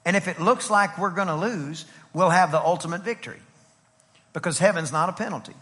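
A man's voice: sits high, fairly quick, fairly bright tone, big-room sound. A man, a pastor, preaching a sermon in a rhythmic style with repetition and acted-out stories. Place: church sanctuary.

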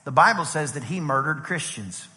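A middle-aged man preaching a sermon as pastor, lively and conversational, acting out quotes as he goes. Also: on the high side, moderate pace. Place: church sanctuary. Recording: long hall reverb from a church.

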